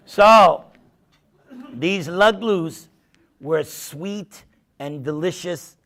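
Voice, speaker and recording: Guy with a high voice telling funny stories slow to a crowd, jokes around. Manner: humorous, animated storytelling. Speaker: speaker answering questions. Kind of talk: casual talk to an audience.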